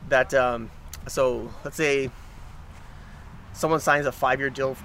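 A man's voice: mid-range voice, steady tone, slow pace, a bit bright, a little hiss or hum. A man co-hosting a casual chat, rambling and stopping to restart, swearing freely.

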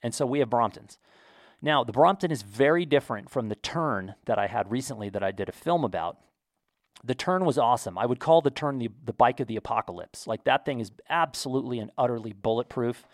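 An American vlogger talks casually to the camera, telling his viewers a story with chatty enthusiasm. His medium-pitched voice is brisk with lively intonation, captured in a dry, studio-quality recording.

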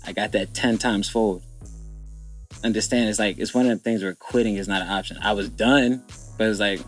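Young man, low voice, blunt slangy storyteller, candid podcast talk, faint music behind. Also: steady tone, brisk. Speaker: guest.

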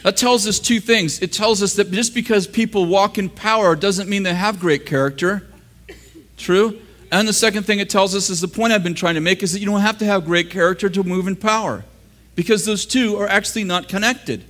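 A man's voice: high-pitched, a little fast, fairly bright tone. An American man preaching a sermon in a church, joking with the congregation and laughing at his own lines. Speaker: pastor. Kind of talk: sermon teaching.

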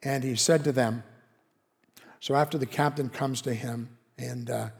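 A man's voice: mid-range voice, fairly even intonation, measured pace, vocal fry. A man preaching a sermon as pastor, in an earnest, conversational way full of rhetorical questions. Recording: long reverb of a large hall.

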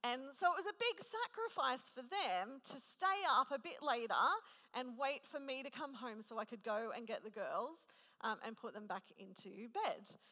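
A woman's voice: on the high side, expressive, normal speed, pushed and bright. A woman in her thirties preaching a conversational sermon, telling a personal story in a chatty, self-deprecating way. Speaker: preacher at a women's gathering. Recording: long hall reverb.

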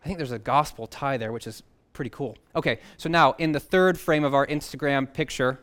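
A man's voice: medium pitch, brisk, a bit bright. A young man preaching a sermon in a conversational way, reading scripture aloud with emphasis. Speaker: pastor.

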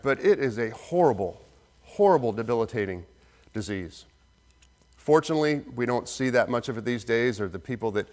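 A man preaching a sermon as pastor, earnest, slowing down for emphasis and acting out the voices in the story. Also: medium pitch. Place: church sanctuary. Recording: long reverb of a hall.

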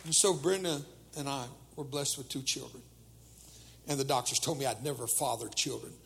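A man's voice: medium pitch, normal speed, vocal fry, fairly bright tone, slightly rough, big-room sound. An older man preaching a humorous sermon to teenagers, telling jokes and acting out the voices of people in his stories.

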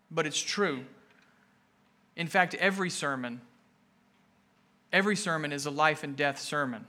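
A male pastor delivers a sermon in a high, bright voice. He speaks slowly and deliberately, leaning hard on repeated phrases and climbing to forceful, emphatic moments. His tone stays earnest and intent throughout. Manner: emphatic, building to raised intensity.

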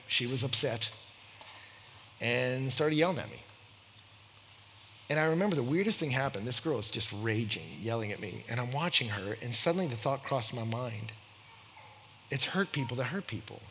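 A man preaching a sermon, telling stories and acting out dialogue in an animated way. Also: mid-range voice, a little fast, slight background noise. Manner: animated, acts out dialogue in voices. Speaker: pastor. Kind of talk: sermon with storytelling. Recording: long hall reverb.

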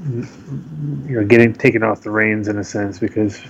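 A man's voice: on the low side, little pitch movement, normal speed. Guy hosting a chill studio podcast, kinda dull lo-fi sound, rambles and restarts a lot. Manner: rambling, laughs often, many restarts. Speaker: podcast host. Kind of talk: casual live studio chat.

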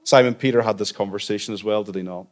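A man pastor preaching a sermon, earnest and conversational, with gentle humorous asides. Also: on the low side, quick pace.

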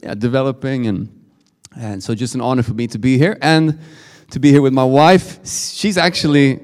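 A man's voice: mid-range voice, moderate pace. A man with a Swedish accent preaching a live sermon as a guest preacher in a church, talking informally with lots of fillers and restarts. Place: church service. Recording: preaching in a reverberant hall.

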